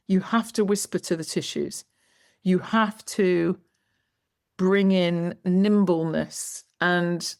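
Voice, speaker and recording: A woman's voice: fairly low pitch, no echo, clean studio sound. A woman guest in an interview, explaining her work in an emphatic, lecturing way and stressing key words. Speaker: guest, movement educator. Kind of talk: interview conversation.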